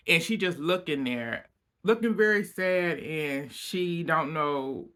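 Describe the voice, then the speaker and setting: A man giving a casual recap of a reality TV episode, acting out what people said with lots of laughter and sudden loud outbursts. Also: a little high, takes it slowly, clear, resonant tone. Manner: animated storytelling, acting out quotes, frequent laughter and outbursts.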